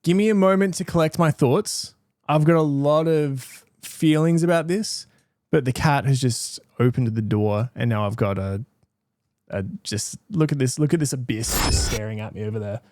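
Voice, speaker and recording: A man's voice: medium pitch, moderate pace, darkish tone, dry recording, studio quality. Give me an Australian man streaming a casual music reaction, thinking aloud in an earnest, rambling way with lots of restarts. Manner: rambling, self-interrupting, earnest.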